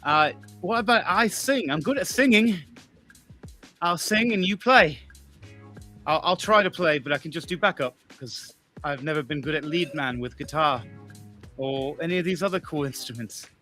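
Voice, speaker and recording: A man's voice: a little high, animated, moderate pace, bright, forceful tone. A man voicing a nervous young male bard who stammers and is eager to please, with faint music behind.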